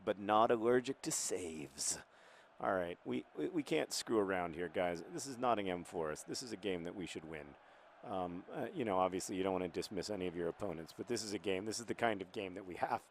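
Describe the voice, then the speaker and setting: A man's voice: deep voice, fast talker, slight background noise. A man giving casual commentary over a football video game, playing the club's manager in a hesitant, rambling way with many fillers. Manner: earnest mock-manager tone.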